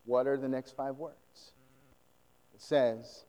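Animated laughing preacher in a church. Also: male voice, mid-range voice, slow, clear, resonant tone, big-room sound, poor audio. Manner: animated, laughing often, acting out scenes. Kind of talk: sermon storytelling.

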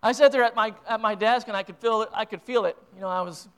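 A high-pitched American man delivers a sermon from the pulpit with a smooth, resonant tone. He preaches with deep emotion and rising conviction, often repeating and restarting his words. His passion carries from quiet reflection to fervent appeals. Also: quick pace. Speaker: pastor.

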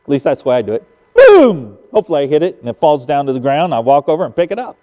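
Folksy older preacher in a reverberant hall. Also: male voice, fairly high pitch, racing, warm tone. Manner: folksy storytelling, emphatic sound effects. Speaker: pastor. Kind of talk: sermon. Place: church sanctuary.

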